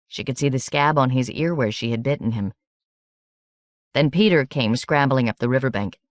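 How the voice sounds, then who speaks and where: A woman's voice: a bass voice, normal speed, no echo. Woman narrating an audiobook, dry sound.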